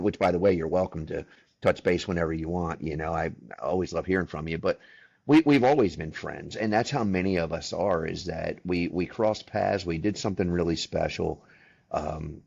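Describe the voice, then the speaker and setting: Man, very deep voice, husky, dry close sound, rambling, affirming podcast co-host. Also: no echo. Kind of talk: casual interview talk. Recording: dull lo-fi sound.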